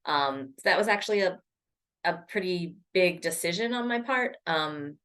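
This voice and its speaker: Woman, lowish voice, chatty and rambling, lots of ums, home laptop mic. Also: moderate pace, a bit bright. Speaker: poetry vlogger. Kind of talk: casual rambling talk to camera.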